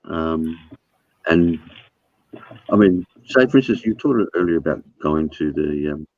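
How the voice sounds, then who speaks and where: A man's voice: extremely low pitch, expressive, unhurried, a little mellow, muffled recording. A middle-aged man, co-hosting a casual chat, blunt and sprinkling in swearing. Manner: blunt, swears, says mate. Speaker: show host.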